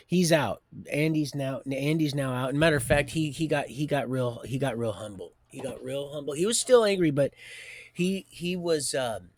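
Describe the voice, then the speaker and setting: A middle-aged man telling his life story live from home, wandering off into folksy asides and circling back again. His voice sits at an ordinary middle pitch. The sound is dry and close, with no room echo. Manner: digressive, folksy, many restarts and asides. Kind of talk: rambling personal storytelling. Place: home, with a door and heater nearby.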